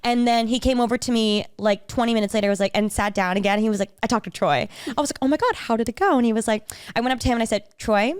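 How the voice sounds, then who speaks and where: A woman's voice: quick pace, few pauses, clean tone, dry recording, studio quality. A young woman co-hosting a podcast, telling gushing stories in casual chat and acting out the voices of the people she quotes. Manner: gushing storyteller, acts out quoted voices with big pitch jumps. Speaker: podcast co-host.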